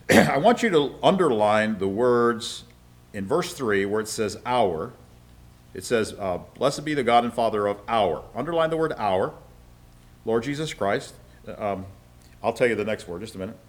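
A man's voice: lowish voice, lively intonation, moderate pace. A man giving a conversational Bible lesson. He reads scripture aloud with frequent asides, explains step by step and keeps checking in with his listeners. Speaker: Bible teacher.

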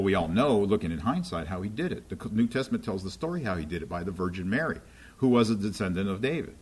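A man's voice: on the low side, slightly rough. Man teaching the Bible conversationally. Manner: checks in with listeners often, asking "right?" and "okay?". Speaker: preacher.

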